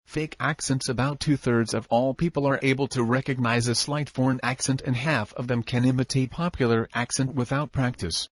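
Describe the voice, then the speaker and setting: A man reading a self-help audiobook in an even, instructive narration style. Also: medium pitch, normal speed, few pauses, dry recording.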